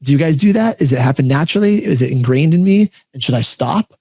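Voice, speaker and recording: A man hosting a podcast, talking quickly in a mellow, darker tone, fairly high for a man. He tells stories in an animated, self-deprecating way, with plenty of casual fillers. The sound is dry and close. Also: gravelly, husky, no room sound. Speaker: podcast host. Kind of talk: casual chat.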